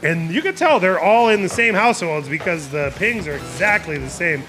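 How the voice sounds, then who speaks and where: A man's voice: sits high, animated, moderate pace. A young man casting a live video game match with playful, jokey play-by-play over background music. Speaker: esports caster.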